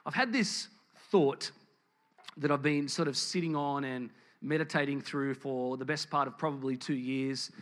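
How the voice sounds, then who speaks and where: A man with a medium-pitched voice at normal speed preaches in a church building before a congregation. He is candid and tells stories, with frequent ums and restarts.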